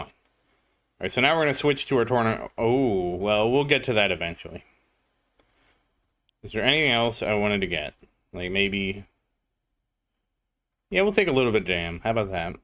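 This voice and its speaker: A man's voice: fairly low pitch, big pitch swings, normal speed, pauses often, fairly bright tone. A man streaming a mobile game, chatting casually as he plays and greeting viewers in chat by name. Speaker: gaming livestreamer. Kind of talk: casual gameplay commentary.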